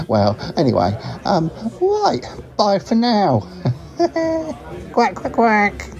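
A man's voice: high voice, wildly swooping pitch, extremely slow, vocal fry, muffled recording, a crowd in the background, full character voice. A man voicing a chatty, good-natured talking duck on his travels, who rambles, giggles and tacks quacks onto his sentences. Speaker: roving reporter. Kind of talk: comic character monologue.

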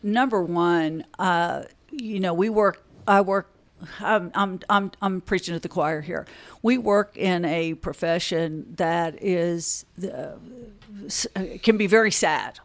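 A woman's voice: lowish voice, takes it slowly. A woman attorney, a podcast guest, telling stories earnestly and acting out the conversations she retells. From Texas, USA. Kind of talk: podcast interview.

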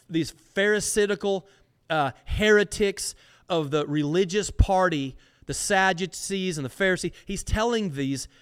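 A man preaches in an emphatic style, tossing out rhetorical questions and answering them himself. His voice is smooth and resonant and sits a little high for a man. He repeats words as he builds a point and slows down to stress key phrases. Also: fairly bright tone. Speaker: podcast host teaching scripture. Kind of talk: sermon-style Bible teaching.

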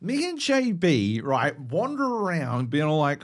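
Guy cohosting a games podcast, swears a ton, voice bounces all over, kinda high. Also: moderate pace, hardly any pauses. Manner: animated, sweary, mock-indignant storytelling. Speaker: podcast co-host. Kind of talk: casual chat.

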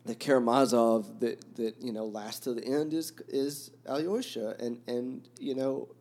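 A man with a mellow, darker tone talks through his thoughts at an ordinary pitch. He hesitates often, restarts sentences and leans on fillers as he reflects on a book for his podcast. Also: a little slow. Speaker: podcast host discussing a novel. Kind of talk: reflective casual talk.

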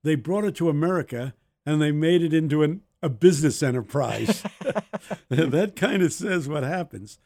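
A man's voice: fairly high pitch, animated, normal speed, dark tone. A man co-hosting a podcast, telling anecdotes in a casual faith discussion. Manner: anecdotal storyteller. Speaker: podcast co-host.

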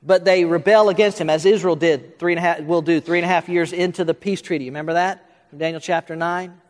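A man preaching a Bible-study sermon, speaking quickly, with frequent restarts and filler words, and pushing up into questions he asks the room. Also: on the high side, steady tone. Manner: talks quickly, restarts and fills in with uh, rising to questions. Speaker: pastor. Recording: long hall reverb.

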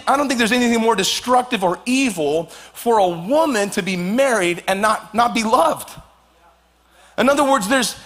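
Guy pastor preaching, high voice, lively and joking with the crowd. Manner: animated, playful asides to the congregation. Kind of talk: sermon.

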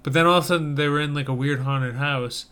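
This young adult man co-hosts a podcast, reviewing trailers in casual, enthusiastic chat full of rambling and restarts. He's a fast talker with a slightly high voice that is bright, forceful, clear and resonant.

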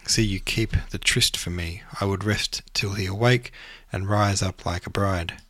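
Grief-stricken young noblewoman, read by a man, soft pleading verse lines, low pitch, dry booth. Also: steady tone, a little slow, no room sound.

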